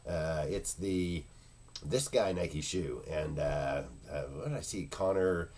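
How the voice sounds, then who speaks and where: A man's voice: deep voice, takes it slowly, a little mellow. A man talking casually and unscripted in a product review video, rambling and searching for words with many fillers. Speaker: internet marketing product reviewer.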